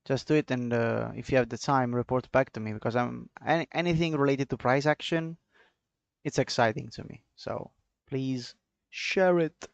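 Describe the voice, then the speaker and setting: A man with an Italian accent talks through charts in a chatty, offhand way, answering viewers as he goes. His voice has a gravelly, fry-tinged edge. The sound is dry and a bit dull, as if from a muffled home mic. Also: mid-range voice, steady tone, moderate pace, no echo. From Italy. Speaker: trading streamer. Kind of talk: casual live commentary on charts.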